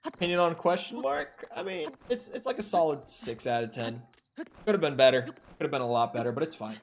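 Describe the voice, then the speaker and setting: Young man, Minnesota accent, relaxed swearing gamer talking to chat, faint hiss behind. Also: mid-range voice, fairly quick. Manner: loose, offhand, swears, answers chat. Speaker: game streamer. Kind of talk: casual live-stream chat while gaming.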